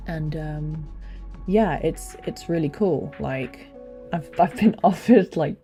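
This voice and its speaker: A young woman with a deep, low voice chats loosely on a home livestream. Her tone is mellow and soft-edged, and she rambles with restarts and self-deprecating asides into a desk mic on a stand. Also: slow, soft background music. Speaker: streamer and hobby voice actor. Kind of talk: casual livestream chat. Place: home streaming setup.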